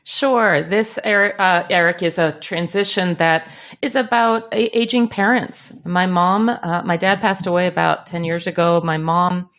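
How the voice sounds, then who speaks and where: A woman's voice: lowish voice, steady tone, a little slow, few pauses, fairly bright tone. A middle-aged woman hosting a podcast, talking in a reflective, casual way with easy laughs. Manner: reflective, laughs easily, talks in restarts. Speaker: podcast host.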